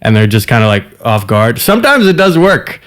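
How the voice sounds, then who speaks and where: Comedian telling a story with laughs. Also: male voice, medium pitch, very animated, brisk, fairly bright tone. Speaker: comedian guest. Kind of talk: casual podcast chat.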